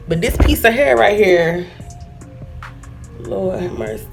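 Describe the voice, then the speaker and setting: A woman in her twenties chats to her viewers as she gets ready, putting on a loud, playful, slangy way of talking. She holds the camera at arm's length, and faint music plays behind her voice. Her pitch sits in a middle range. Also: expressive, takes it slowly, vocal fry, pauses often. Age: 20s. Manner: playful, slangy put-on "ratchet" talk. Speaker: vlogger. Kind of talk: get-ready-with-me chat. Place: home indoors, then a car. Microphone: camera held at arm's length.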